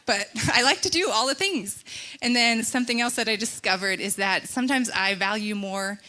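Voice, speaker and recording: A woman giving a sermon in a chatty, animated way, telling personal stories and laughing often. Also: fairly high pitch, moderate pace. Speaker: church speaker. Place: church stage.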